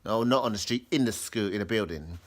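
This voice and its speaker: In casual chat, a man with a fairly low voice tells a rambling story a little fast. He keeps restarting and acts out other people's lines in raised voices.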